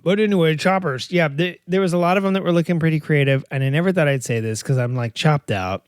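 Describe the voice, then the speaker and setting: On a dry, studio-quality recording, a middle-aged podcast host with a fairly high, clear and resonant voice talks quickly with few pauses. He rambles casually on his own, cracking jokes at his own expense and often using fillers and restarting sentences.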